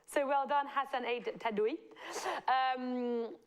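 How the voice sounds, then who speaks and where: A playful young woman with a West Country accent hosts a live quiz show, teasing her players and stretching out each answer reveal. Her voice sits a little higher than most. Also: fairly even intonation, slow pace, smooth. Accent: West Country English. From Southwest England. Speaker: quiz host.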